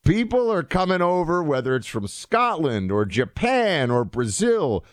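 Lively man hosting a show. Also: fairly high pitch, a little slow, dry recording, clean studio sound. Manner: chatty, animated, frequent fillers and restarts. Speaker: show host. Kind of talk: casual commentary.

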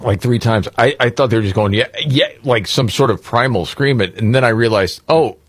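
A man's voice: medium pitch, moderate pace, dry recording, studio quality. A man co-hosting a podcast, making blunt, sardonic remarks in casual chat. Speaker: podcast co-host.

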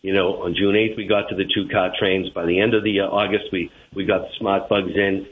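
A man working as a transit general manager, answering interview questions in a measured way with fillers. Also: deep voice, little pitch movement. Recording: tinny phone line with faint hiss.

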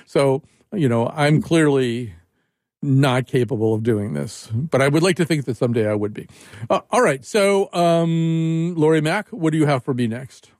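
A man's voice: normal speed, no room sound, clean studio sound. A man in his seventies hosting a radio talk show, rambling and chuckling as he chats. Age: 70s. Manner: rambling, chuckling, lively swings in pitch. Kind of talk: casual radio chat.

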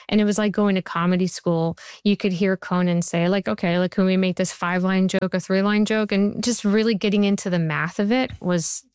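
A woman in her forties, a TV writer and showrunner, talking about her work in an interview as a chatty, animated storyteller with lots of fillers. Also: medium pitch, smooth, no room sound, studio quality. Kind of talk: conversational interview.

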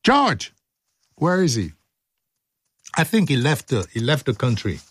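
A man's voice: medium pitch, sing-song, unhurried, pauses often, a bit bright, slightly rough, no room sound. A male radio host reading his script in the studio, joking and laughing at his own slips.

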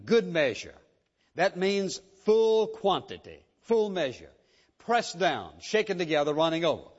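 A man's voice: high-pitched, very animated, measured pace. A pastor preaching a sermon, pressing his point with rhetorical questions and repeated words. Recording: dull lo-fi sound in a reverberant hall.

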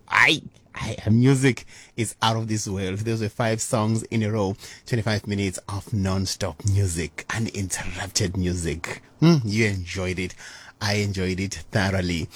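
An exuberant, teasing man hosting a radio show, his voice sitting on the low side. He breaks into sudden high exclamations. The sound is dry and close, like a studio microphone. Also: no echo. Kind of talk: playful radio presenting with a language lesson.

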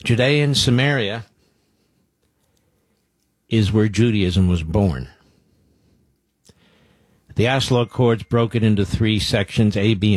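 Deep husky talk radio host. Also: male voice, no room sound. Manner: blunt, combative. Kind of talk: opinionated talk radio monologue.

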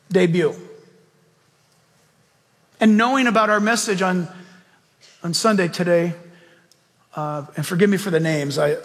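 A man's voice: high voice, long reverb tail. A male pastor preaching a sermon, telling a story with emphatic rhetorical questions and ending in prayer.

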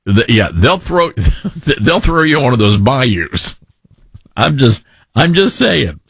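A man's voice: medium pitch, very animated, slow pace, gravelly, fairly bright tone, breathy edge, dry recording, studio quality. A man in his fifties hosting a talk radio show, rambling and jokey. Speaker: radio host.

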